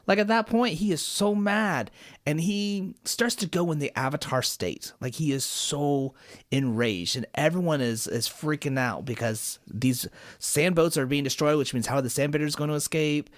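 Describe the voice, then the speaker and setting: A man hosting a casual podcast, retelling a cartoon episode in an animated, swearing, storytelling way. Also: a little high, normal speed, no echo, studio quality. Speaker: podcast host.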